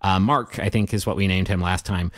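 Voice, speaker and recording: Low-voiced male game master. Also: fairly even intonation, a little fast, a bit bright, no echo, studio quality. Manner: rambling, full of fillers and restarts. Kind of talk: narrating a tabletop game.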